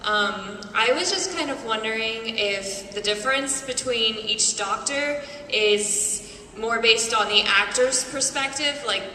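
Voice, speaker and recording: A woman's voice: on the high side, takes it slowly, bright, forceful tone. A woman in the audience asking a question at a fan panel, polite and a little hesitant. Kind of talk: questions from the floor. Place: large convention hall with an audience. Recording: echoey hall, distant mic, crowd noise.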